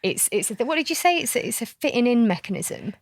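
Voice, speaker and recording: A woman's voice: a little high, big pitch swings, quick pace, gravelly, no echo, studio quality. A woman co-hosting a podcast, chatting in a bubbly, enthusiastic way. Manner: bubbly, enthusiastic, laughs often. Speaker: podcast co-host. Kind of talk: casual chat.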